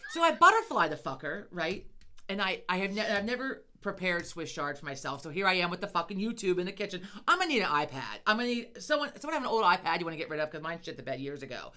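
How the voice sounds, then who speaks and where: Fast, animated middle-aged woman swearing freely. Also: fairly low pitch. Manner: profane, animated storytelling. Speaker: podcast co-host. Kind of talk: casual chat.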